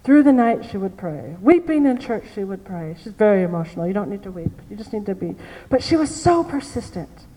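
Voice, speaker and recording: A woman's voice: mid-range voice, very animated, a little fast, dark tone. A woman preaching a sermon, telling a personal story and repeating key phrases for emphasis. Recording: long reverb of a large hall.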